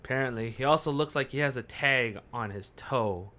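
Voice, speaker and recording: A man's voice: medium pitch, moderate pace, sharp tone. A man playing a tabletop game who speaks in short, clipped sentences. He swears casually and keeps his delivery blunt and plain. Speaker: player. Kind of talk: casual tabletop play in character.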